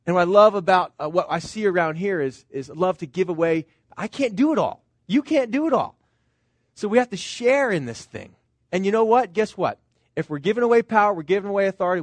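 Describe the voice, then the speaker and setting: A middle-aged pastor with a notably high voice delivers his sermon in an earnest, conversational way. He keeps turning to the congregation with rhetorical questions. The recording is dry, with no room echo.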